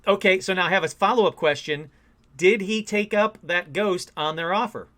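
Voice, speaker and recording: A podcast host chatting with a caller. He is excitable and enthusiastic, and he reacts with loud surprise. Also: high-pitched, normal speed. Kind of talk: casual call-in show chat.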